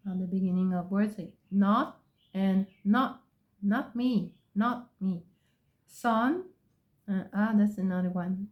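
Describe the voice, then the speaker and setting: A woman teaching English pronunciation in a phonics lesson, repeating example words and drawing out vowel sounds. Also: mid-range voice. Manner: slow and deliberate, drawing out vowel sounds with many pauses. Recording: dull, slightly lo-fi sound.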